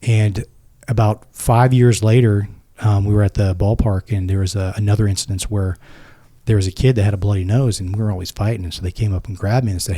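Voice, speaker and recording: A man's voice: on the low side, fairly even intonation, fairly quick, mellow. A middle-aged man, a former Navy SEAL, telling a personal story in an earnest, reflective way. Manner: earnest and reflective, with many restarts and "like".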